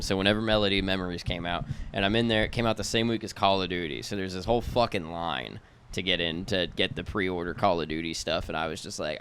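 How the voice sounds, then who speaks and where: A man's voice: low voice, fairly bright tone, a little hiss or hum. A man chatting on a podcast in a laid-back, profane way, telling a story about buying games. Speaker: podcast co-host. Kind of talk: casual podcast chat.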